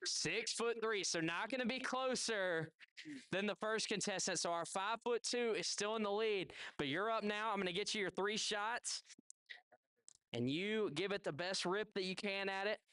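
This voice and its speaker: A man's voice: sits high, normal speed, bright, forceful tone, clear, resonant tone, no echo. A man with a Southern US accent hosting a live golf competition, giving chatty play-by-play and chatting with contestants. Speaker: event host. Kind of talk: live event commentary. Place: outdoor golf event.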